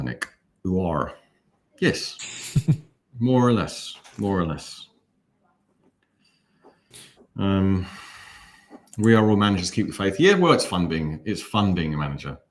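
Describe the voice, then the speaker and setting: A man's voice: low-pitched, lively intonation, unhurried, long pauses. A man with an English accent co-hosting a casual fan watch-along, speaking in a well-enunciated, wry and rambling way. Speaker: fan channel co-host.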